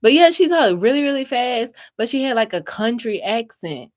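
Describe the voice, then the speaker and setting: A woman's voice: fairly high pitch, very animated, moderate pace. A young adult woman from Mississippi with a Southern US accent, chatting casually with viewers on a crafting livestream and answering their comments.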